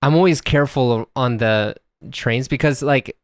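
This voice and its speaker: A man co-hosts a podcast in a relaxed, easy way and swears now and then. His mid-pitched voice is recorded dry and close, with no room sound at all. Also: a little slow, dry recording. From United States. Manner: relaxed, explains with demonstrations, swears casually. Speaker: co-host. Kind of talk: casual podcast chat. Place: indoors, living in Japan.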